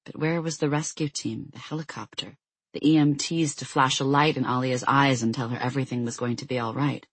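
An audiobook narrator tells the story at a steady, measured pace in a medium-pitched, somewhat husky voice. The sound is dry and close, with no echo.

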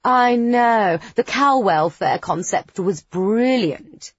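A woman's voice: mid-range voice, expressive, slow pace, husky, no room sound, lo-fi sound. A woman voicing a smug, fashionable businesswoman who gushes on the phone in an affected way. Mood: brisk bossy. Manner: gushing, affected phone chatter. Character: smug posh businesswoman, fashionable and self-satisfied.

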